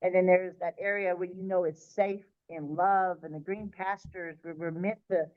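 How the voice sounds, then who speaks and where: A woman's voice: lowish voice, narrow, tinny audio. A woman, an interview guest, vividly recounting a childhood spiritual experience. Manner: vivid, animated, quick, sometimes restarting. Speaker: guest sharing her near-death experience. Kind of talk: personal storytelling in an interview.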